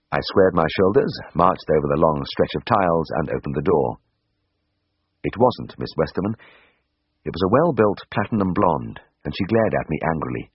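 Deep husky male narrator. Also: lively intonation, normal speed, no echo. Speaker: audiobook narrator. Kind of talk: first-person storybook narration. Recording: slightly dull audiobook recording.

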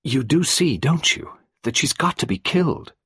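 A man's voice: on the high side, animated, normal speed, pushed and bright, husky, no room sound, pitched above the performer's own voice, heavily acted. A man voicing a tense young man who speaks nervously and urgently in a storybook reading. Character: tense young man urging a desperate plan.

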